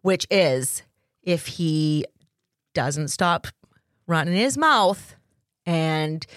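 A woman co-hosting a casual podcast. She agrees often and chimes in with quick replies. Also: low voice, animated, dry recording, clean studio sound. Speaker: podcast co-host. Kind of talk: casual chat.

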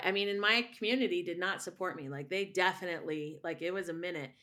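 Earnest woman voice teacher, low-pitched. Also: quick pace, few pauses, bright, forceful tone. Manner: earnest, rambling with many restarts and fillers. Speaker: voice teacher and singer, guest. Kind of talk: candid personal storytelling.

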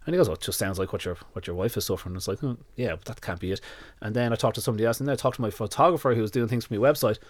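Fast-talking low-voiced man telling stories. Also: no echo. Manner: swears freely, retells events in quoted dialogue. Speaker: dog nutritionist guest. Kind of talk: casual podcast interview storytelling.

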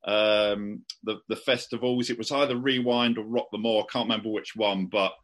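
A man hosting a casual chat, talking in an enthusiastic, relaxed way with plenty of fillers. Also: on the low side, moderate pace. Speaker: podcast host.

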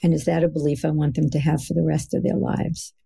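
A middle-aged woman speaking as an expert guest on a podcast interview, earnest and emphatic, slowing down to stress key phrases. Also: sits low, little pitch movement, gravelly, mellow, breathy edge.

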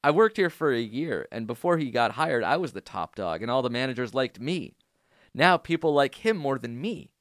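A man's voice: mid-range voice, expressive, fairly bright tone, dry recording, studio quality. A man hosting a podcast, reading listener emails aloud with playful emphasis and joking casually. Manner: laughs often, quick jokes. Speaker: podcast host. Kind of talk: casual chat.

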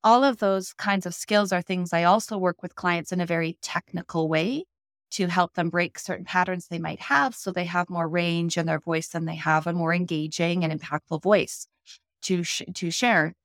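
Low-voiced woman coaching on speaking. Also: no echo, clean studio sound. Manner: measured, explanatory, instructive. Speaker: public speaking coach, guest. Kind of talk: podcast interview.

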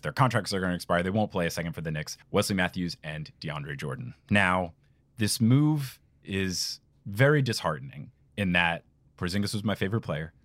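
A man's voice: low-pitched, fairly bright tone, no echo. A young man co-hosting a casual podcast, talking animatedly and ranting about his favorite team. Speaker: podcast co-host.

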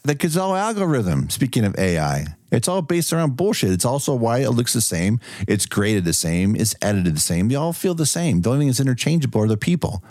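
A man co-hosting a casual movie review podcast, animated and profane, laughing often. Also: mid-range voice, brisk, hardly any pauses, dry recording, studio quality. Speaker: podcast co-host.

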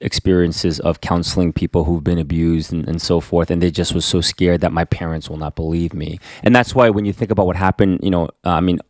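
A man's voice: deep voice, fairly quick, hardly any pauses, no room sound, clean studio sound. A man, a pastor, talking earnestly in a casual conversation, telling stories with many restarts. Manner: earnest, animated storyteller with frequent restarts.

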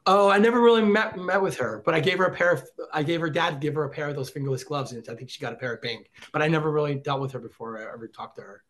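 A middle-aged man as a podcast guest, an excitable storyteller who acts out quotes in casual chat. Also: mid-range voice, rapid-fire, few pauses. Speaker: podcast guest, former celebrity reporter.

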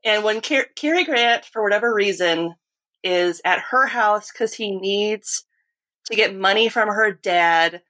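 A woman's voice: medium pitch, measured pace, sharp tone. A woman hosting a podcast, telling a rambling story in casual chat. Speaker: podcast host.

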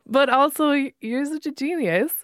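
A woman's voice: high voice, normal speed, dry recording, studio quality. A woman hosting a casual chat, responsive and supportive, laughing along. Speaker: podcast host.

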